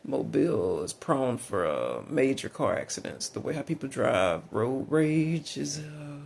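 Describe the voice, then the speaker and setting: A man's voice: mid-range voice, very animated, measured pace, vocal fry, darkish tone, slight background noise. A middle-aged man with a Southern US accent, talking through a frank, meandering personal monologue with lots of fillers and restarts.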